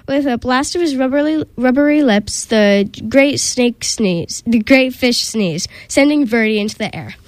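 A woman reads a children's picture book aloud as host of a radio program. Her voice sits on the higher side and is recorded close and dry. She reads gently, with a few small slips and restarts. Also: animated, measured pace, few pauses, no room sound, rough recording. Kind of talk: storybook read-aloud on community radio.

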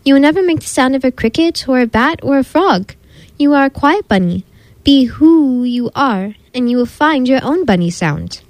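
A woman doing a wise old owl, gentle and measured. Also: high-pitched, expressive, no echo, rough recording. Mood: gently wise. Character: wise old male owl, calm and kind.

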